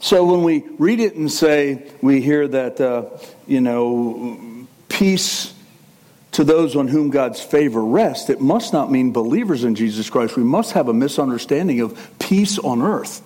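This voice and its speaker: A male pastor preaching a sermon in an animated, conversational way, with asides and self-corrections. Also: mid-range voice, unhurried.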